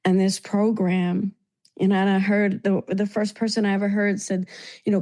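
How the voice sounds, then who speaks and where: Heartfelt New woman, mellow voice. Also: medium pitch, fairly even intonation, unhurried. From New York. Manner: heartfelt, tearful at times, grateful. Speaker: meeting participant. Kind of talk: emotional sharing in a recovery meeting.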